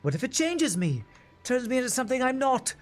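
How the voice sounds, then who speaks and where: A man's voice: very high-pitched, big pitch swings, fairly quick, faint music behind, voice pushed up. A man voicing an anxious young female demon ruler from a video game, unsure whether she should take a throne. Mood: worried. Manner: uncertain, questioning.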